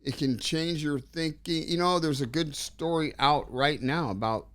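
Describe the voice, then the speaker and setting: A middle-aged man telling stories in a casual interview, rambling and animated as he acts out the dialogue. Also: on the high side, unhurried, dry recording, studio quality. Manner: rambling, animated storyteller acting out quoted dialogue. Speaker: interview guest.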